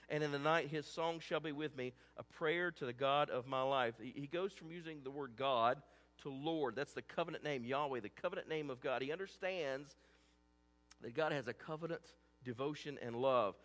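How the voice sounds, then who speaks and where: A man's voice: on the high side, a bit bright, big-room sound. A man preaching a sermon as a pastor, earnest and conversational, often restarting his words.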